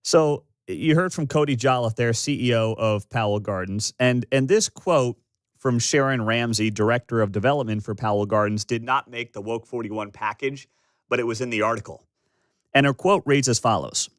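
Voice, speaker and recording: Animated, sarcastic Midwestern talk radio man. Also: medium pitch, normal speed, dry recording. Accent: Midwestern American. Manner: sarcastic, animated, mocking voices. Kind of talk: opinionated talk radio monologue. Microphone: studio microphone.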